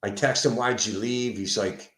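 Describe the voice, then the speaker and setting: A man with a Philadelphia accent, a sober house manager, telling a story at home in an animated, profane way. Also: mid-range voice, moderate pace. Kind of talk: casual venting monologue. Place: indoors at home. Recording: roomy echo.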